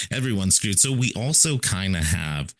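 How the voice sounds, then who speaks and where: A podcast co-host with a low-pitched, animated, slightly bright voice speaks unhurriedly in casual, rambling philosophical talk. He's emphatic and keeps checking in with "right?"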